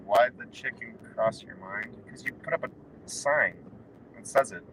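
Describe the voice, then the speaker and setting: A man's voice: on the low side, moderate pace, fairly bright tone, rough recording. A young man on a road trip, talking casually from his car in a rambling, wry, offhand way. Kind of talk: casual chat. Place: inside a car while driving. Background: faint road and vehicle noise.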